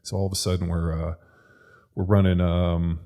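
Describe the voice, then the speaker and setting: A man, a podcast co-host and former football lineman, telling a story in casual chat, profane and animated. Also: low voice, normal speed.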